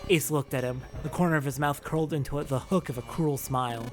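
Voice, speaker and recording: A let's play host reading a visual novel aloud, with animated, reactive commentary between passages. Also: medium pitch, brisk, over music.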